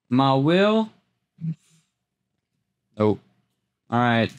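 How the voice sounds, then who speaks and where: A man at an everyday middle pitch chats through a card pack opening, naming each card as it turns up. He stumbles and repeats himself and then breaks into sudden excited highs. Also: a little slow, pauses often. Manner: chatty, repeats words, jumps into excited highs. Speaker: host opening trading card packs. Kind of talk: casual unboxing commentary.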